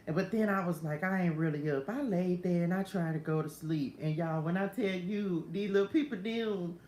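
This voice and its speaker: On a phone stream, a middle-aged woman hosts an easygoing morning spiritual livestream, chatting, laughing frequently and drifting off into side stories. She speaks in a mid-range voice, with a slight hiss or hum and faint ambience from a roomy room.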